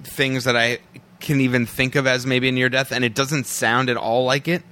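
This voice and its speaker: Easygoing man with a bright, forceful voice. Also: mid-range voice, fairly even intonation. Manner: easygoing, quick to laugh and riff along. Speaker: podcast co-host. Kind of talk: casual chat.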